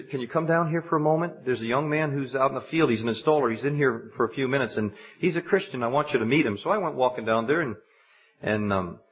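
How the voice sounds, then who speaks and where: Man preaching, lo-fi sermon recording. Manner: rises to high, emphatic preaching. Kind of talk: sermon with storytelling. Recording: dull lo-fi recording.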